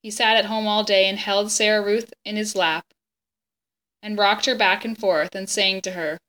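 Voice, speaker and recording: A woman reads a children's chapter book aloud, gentle and expressive, pausing now and then to talk the story over with young listeners. Her voice is bright and clear, at an ordinary middle pitch. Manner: gentle, expressive, pauses to explain.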